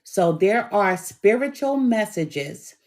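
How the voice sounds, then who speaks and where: Slow, hoarse woman reading tarot. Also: mid-range voice, lively intonation, a little mellow. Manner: slow, emphatic, encouraging. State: hoarse from bronchitis, coughing. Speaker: tarot reader.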